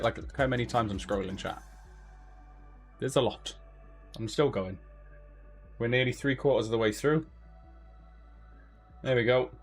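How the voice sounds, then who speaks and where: A man hosting a giveaway livestream, chatting casually to his viewers in a loose, rambling way full of fillers and restarts. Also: on the low side.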